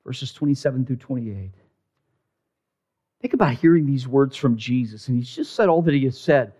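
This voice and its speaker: A male pastor preaching a sermon, dramatic, swinging from loud emphasis down to a hushed near-whisper. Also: mid-range voice, animated, normal speed, breathy edge.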